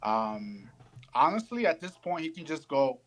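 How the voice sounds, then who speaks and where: Guy calling in, kinda high voice, blunt and hesitant. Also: very animated, unhurried, a bit bright. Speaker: caller. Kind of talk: casual call-in chat.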